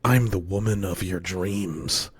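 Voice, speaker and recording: Man doing a mock-sultry AI companion, gravelly, low, slow, deadpan, growly soldier tone. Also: full character voice.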